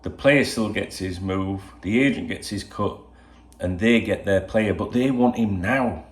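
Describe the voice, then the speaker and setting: A man's voice: fairly low pitch, measured pace. Rambling older man in a roomy room. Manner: rambling, full of "you know" asides. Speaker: football channel host. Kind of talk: casual solo video chat. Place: at home indoors. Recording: roomy home echo.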